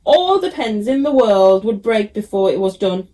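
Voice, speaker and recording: A woman reading a storybook aloud, voicing an earnest, grand old man poet with a slow, emphatic delivery. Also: mid-range voice, very animated, warm tone, lightly acted.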